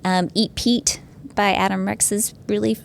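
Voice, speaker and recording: A woman in her thirties talks about her work as a podcast guest, with a medium-pitched voice and a gravelly fry. She speaks in an eager, chatty way with frequent "um" pauses, and faint noise sits behind her. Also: little pitch movement. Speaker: youth services librarian, podcast guest. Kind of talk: casual chat.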